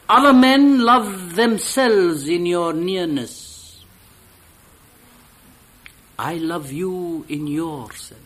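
A man voicing a gentle, serene male spiritual master in a dramatic poetry reading, speaking tenderly and with measured pauses. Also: high voice, voice pushed up, heavily acted.

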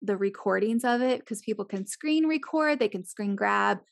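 A woman's voice: mid-range voice, animated, moderate pace, gravelly, no echo. A woman chatting casually as a podcast co-host, full of "like" fillers and blunt swearing. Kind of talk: casual chat.

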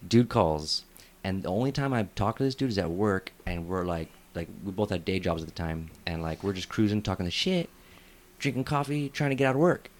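Low-voiced man telling rambling stories. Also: fairly quick, a little hiss or hum. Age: 30s. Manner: rambling, animated storyteller who laughs often. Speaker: podcast host. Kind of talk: casual comedic chat. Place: podcast studio.

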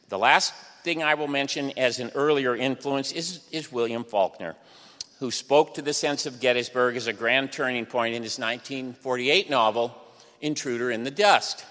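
A man's voice: mid-range voice, bright, forceful tone. Wry older man lecturing in a hall. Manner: wry, sardonic asides. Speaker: history lecturer. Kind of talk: university lecture. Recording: long hall reverb.

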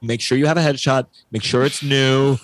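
A man's voice: mid-range voice, steady tone, normal speed, no room sound. A young adult male actor chatting casually, candid, wry and profane. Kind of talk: casual chat.

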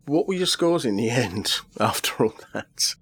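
A man's voice: medium pitch, unhurried, a little hiss or hum. A man from Britain hosting a casual Christmas quiz with friends, reading out the questions plainly. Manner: relaxed, reads questions plainly, chuckles often. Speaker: quiz host.

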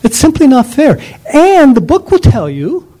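A man's voice: very high-pitched, wildly swooping pitch, measured pace, warm tone, rough recording. A man lecturing on dog training in an emphatic, ranting way, full of rhetorical questions.

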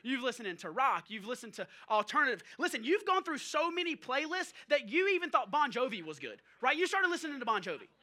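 A male pastor preaching a sermon, animated and joking, talking straight to the congregation. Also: extremely high pitch, brisk, hardly any pauses. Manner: animated storytelling with jokes and audience asides.

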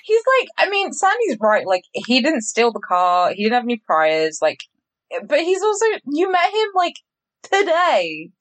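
A woman's voice: on the high side, sing-song, moderate pace, fairly bright tone. A young woman co-hosting a podcast, chatting casually and swearing as she recaps a TV show. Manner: chatty, swearing, heavy use of 'like'. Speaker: podcast co-host.

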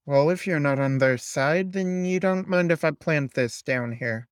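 A man's voice: on the high side, measured pace, clean tone, no room sound, clean studio sound, close to an everyday voice. A man voicing a cocky young female vigilante who talks in an accusing, taunting way.

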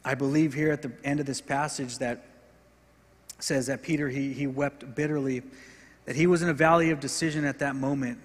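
A male pastor preaching a sermon in earnest, swinging between forceful emphasis and quiet, with frequent repeated words. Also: medium pitch, fairly even intonation, a little fast. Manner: earnest preaching, rising in intensity and dropping to soft, repeated words. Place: church sanctuary. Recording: hall reverb.

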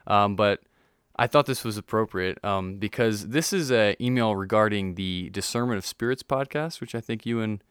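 A male podcast host with a low, smooth voice chats casually and jokes with his co-host. He reads a listener's email aloud between laughs. The sound is dry and close, with soft guitar music underneath. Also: moderate pace, few pauses, no echo.

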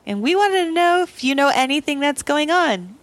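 A woman's voice: high voice, animated, normal speed, dry recording. A woman playing in a tabletop game, speaking casually and laughing often. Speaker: player.

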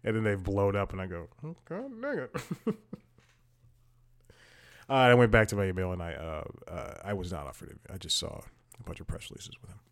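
A man's voice: low-pitched, fairly quick, long pauses. A man hosting a casual podcast, talking in long, digressive stories and laughing at himself. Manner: rambling, digressive, self-amused. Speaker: podcast host. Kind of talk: casual talk-show commentary.

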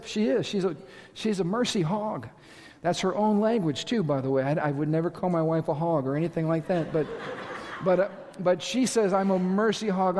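A man with a notably high voice delivers an emphatic sermon, driving points home with repeated phrases and rising exclamations. The long reverb of a church hall trails behind every line. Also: darkish tone. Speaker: pastor.

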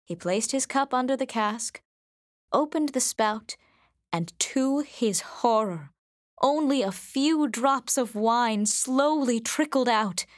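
Measured woman narrating a storybook. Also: on the high side, no room sound, studio quality. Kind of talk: storybook reading.

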